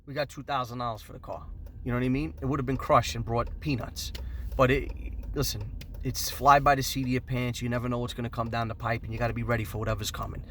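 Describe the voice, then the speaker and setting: A man, talking casually to camera as a car business host, animated, rambling and profane. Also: mid-range voice, fast.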